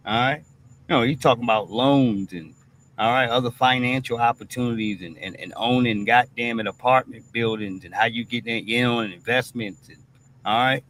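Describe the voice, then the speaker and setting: A man's voice: medium pitch, normal speed, a bit bright, a little hiss or hum. A man hosting a streamed commentary monologue, talking bluntly with plenty of profanity and a habit of asking "all right?" after nearly every point. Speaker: host.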